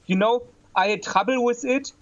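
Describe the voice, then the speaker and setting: A man's voice: very high voice, moderate pace, dull audio. A man playing a paranoid, bigoted self-styled printer expert witness in a comedic mock trial, talking in a rambling, conspiratorial way. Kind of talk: comedic improvised courtroom role-play.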